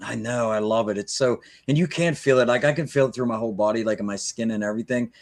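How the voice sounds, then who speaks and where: A man's voice: medium pitch, fast talker. A middle-aged man hosting a live video call interview, talking eagerly and rambling with many restarts. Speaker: livestream host. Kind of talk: casual interview chat.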